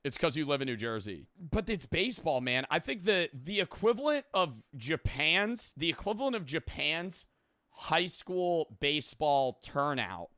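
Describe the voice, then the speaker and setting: A male streamer talks through a video in loose, rambling reaction commentary, peppered with profanity. His voice is bright and crisp, recorded dry and close. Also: on the high side, very animated, measured pace, no echo.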